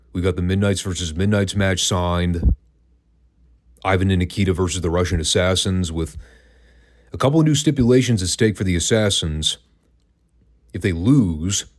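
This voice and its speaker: A man's voice: deep voice, a little mellow. A man hosting a wrestling podcast, reviewing old matches in a casual, dry and sarcastic way.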